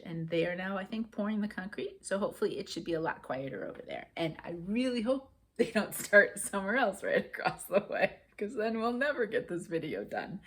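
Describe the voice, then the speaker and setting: A woman's voice: on the low side, husky. Chatty woman vlogging about stitching. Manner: chatty, rambling, grateful, laughs often. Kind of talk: casual chat to camera.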